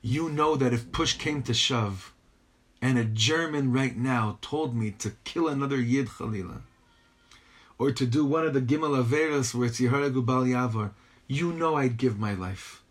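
A man lectures on a Torah text in a medium-pitched voice at normal speed. He presses his arguments through rhetorical questions, weaving Hebrew and Yiddish phrases into his English.

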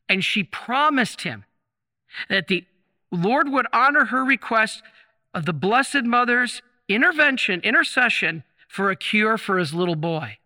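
A man preaching a sermon in a chapel, impassioned and emphatic, slowing down to stress key phrases. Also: very high-pitched, pushed and bright. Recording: long chapel reverb.

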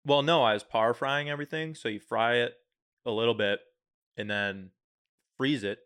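A man's voice: mid-range voice, normal speed, fairly bright tone, clean tone. Laid-back young man telling a story. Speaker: podcast co-host. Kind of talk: casual chat. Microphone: studio microphone.

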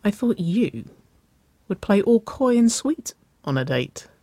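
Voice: medium pitch, big pitch swings, slow pace, mellow, no room sound, voice pushed up, heavily acted. A storyteller voicing a confident young woman on a first date, who grins and teases playfully. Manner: grinning, playful teasing, flustered at times.

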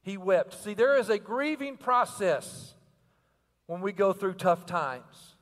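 A man's voice: sits high, expressive, slow pace, long reverb tail. An older man preaching a sermon with energy and rhythm, asking the crowd questions and repeating phrases. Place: church sanctuary.

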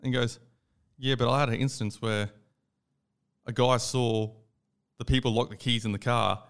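A man's voice: medium pitch, moderate pace, smooth. Young Australian man telling a story. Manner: animated storyteller, acts out quotes, swears casually. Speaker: podcast co-host. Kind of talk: casual chat.

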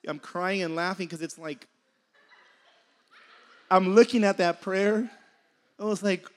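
A man's voice: high-pitched, unhurried, pauses often, a bit bright. A young man giving a casual sermon, conversational and laughing often, sometimes losing his train of thought. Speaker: preacher.

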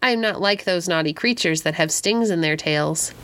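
A woman's voice: on the low side, moderate pace, fairly bright tone, natural voice. A tiny winged fairy spirit from a storybook, cheerful and sweet, voiced by a woman reading aloud. She speaks in an arch, coaxing tone that is hard to refuse.

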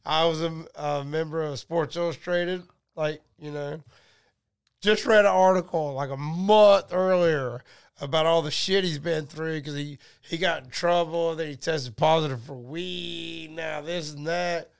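A man's voice: fairly high pitch, fairly even intonation, a little slow, vocal fry, clean tone. A man in his forties, a podcast guest telling a rowdy, profane story in casual chat. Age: 40s.

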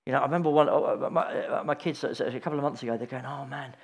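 A man's voice: mid-range voice, rapid-fire. Chatty man preaching informally. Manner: chatty, anecdotal, frequent restarts. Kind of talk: informal sermon.

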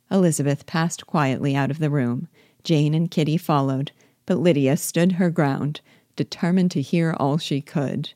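Low-voiced woman reading a novel aloud. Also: steady tone, moderate pace, dark tone, no room sound, studio quality. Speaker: reader guiding a book. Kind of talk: read-aloud novel narration.

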